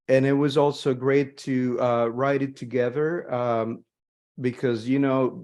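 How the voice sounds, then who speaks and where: A man at mid pitch speaks slowly and reflectively, stopping often between words. He gives an academic presentation over a video call as an English-language instructor. He checks in with the listener through tag questions. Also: a little mellow. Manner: hesitant, many pauses, "right?" tag questions. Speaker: ESL instructor and co-author. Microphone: video call microphone.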